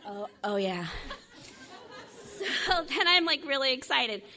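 A woman telling a funny personal story, animated and acting out the other people's voices. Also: high-pitched, normal speed, a faint crowd, a little hiss or hum. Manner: animated, acts out voices, laughs while telling. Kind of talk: comic storytelling.

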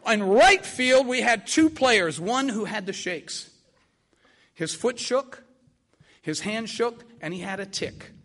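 An older man telling a vivid personal story in an animated, repetitive way. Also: high voice, slow pace. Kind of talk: spoken storytelling.

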